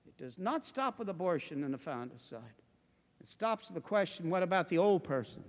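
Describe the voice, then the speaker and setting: A man preaching a sermon to a congregation in an impassioned, emphatic way, building to forceful declamation. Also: high voice, very animated, fairly quick. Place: church before a congregation. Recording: long reverberant hall.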